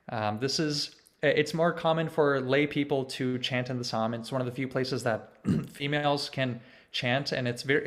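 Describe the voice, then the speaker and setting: A young man in his twenties giving a conversational online presentation to a choir over a video call, explaining church music and leading chants. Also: mid-range voice. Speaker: conducting student presenting to a choir.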